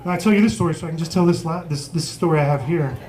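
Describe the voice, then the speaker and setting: Brash, high-voiced stand-up comedian man. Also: rapid-fire, darkish tone. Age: 40s. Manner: brash, profane, self-mocking storytelling. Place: small pub comedy stage. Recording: live pub crowd noise. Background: crowd laughing.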